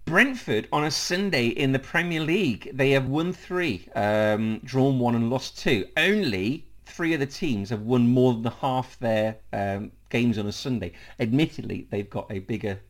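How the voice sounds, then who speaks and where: A man's voice: medium pitch, expressive, measured pace, hardly any pauses. A man with a Leicester accent hosting a casual football podcast, reading stats between frequent laughs and fillers. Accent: Leicester English. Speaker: podcast host.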